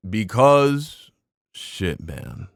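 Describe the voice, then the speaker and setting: A man's voice: lowish voice, big pitch swings, creaky, no room sound. A man streaming reactions to news clips, breaking in with short exclamations and casual commentary. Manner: reacts aloud, quick exclamations between clips.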